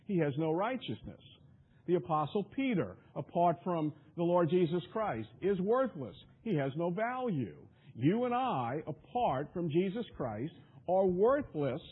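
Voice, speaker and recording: Brief: a high-voiced, husky male preacher delivering an emphatic, repetitive sermon over a tinny radio line. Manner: emphatic, repetitive, stumbling restarts.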